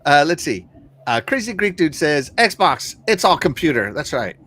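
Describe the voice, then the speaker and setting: Male podcast host, upbeat, laughs a lot, swings his pitch widely, slightly high voice. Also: normal speed. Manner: animated and laughing, shouting out viewers. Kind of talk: casual chat.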